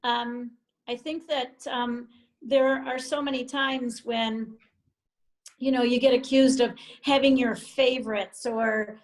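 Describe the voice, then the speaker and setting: A woman's voice: fairly high pitch, fairly even intonation, poor audio. A middle-aged woman who coaches tennis, speaking thoughtfully as an interview guest. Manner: thoughtful, unhurried. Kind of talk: interview guest, casual talk.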